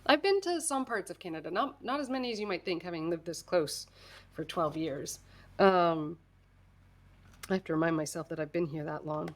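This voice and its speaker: Woman livestream host with a slightly low voice, chatting loosely at her craft table, laughing easily as she talks. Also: lively intonation, moderate pace. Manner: chatty and rambling, laughs often, reads and answers chat. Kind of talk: casual chat with live viewers while crafting.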